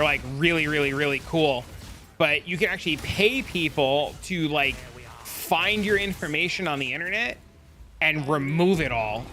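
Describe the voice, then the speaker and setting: Bright-voiced rambling male streamer. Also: on the high side, a little hiss or hum. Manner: rambling storyteller, chats with viewers. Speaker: live streamer. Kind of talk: casual live-stream chat.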